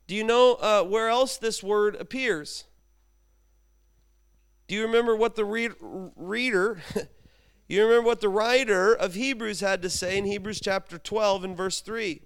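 A man with a high, smooth and clear voice preaches a sermon. He tells stories in an animated way, full of humor, and moves easily between teaching and personal anecdotes. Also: a little slow. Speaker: pastor.

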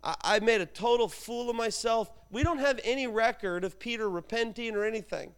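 A man delivers a sermon in an easygoing, chatty way, full of asides to the congregation. His voice sits high and rings clear and smooth. He tells his stories as if he were talking with friends. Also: a little fast. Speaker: pastor. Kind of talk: conversational sermon.

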